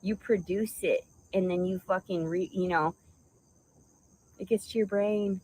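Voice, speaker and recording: A woman's voice: mid-range voice, fairly even intonation, measured pace, darkish tone, low-quality recording. A woman delivering an angry, profanity-laden vlog rant, insulting and rambling. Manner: furious, insulting, stream-of-consciousness. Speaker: vlogger.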